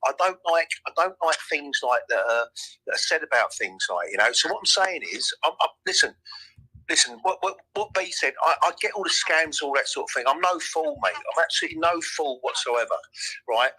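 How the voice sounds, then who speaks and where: A man's voice: a little high, expressive, fairly quick, sharp tone, slightly rough, low-quality recording. A man with a London accent, talking insistently in a heated live audio chat and repeating himself, calling everyone "mate". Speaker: crypto community member.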